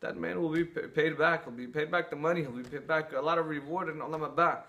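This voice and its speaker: A man's voice: on the high side, quick pace, a bit bright, dull audio. A man preaching an earnest sermon, telling stories and drawing lessons from them. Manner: earnest, storytelling, with some restarts.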